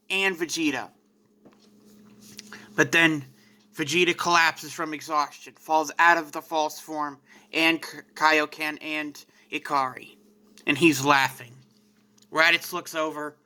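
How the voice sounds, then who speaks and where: A man's voice: on the high side, sharp tone. A man casually narrating a fan-made anime story in an emphatic, slangy way.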